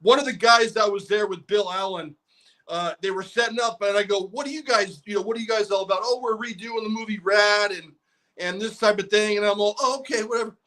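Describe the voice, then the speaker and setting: A man co-hosting a casual podcast, talking excitably in laid-back slang. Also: high-pitched, a little fast. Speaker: podcast co-host.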